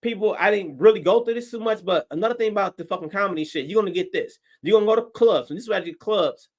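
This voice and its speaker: A man from Detroit, a stand-up comedian, telling a story on a livestream in a profane, animated way and acting out his own reactions. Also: high voice, fast.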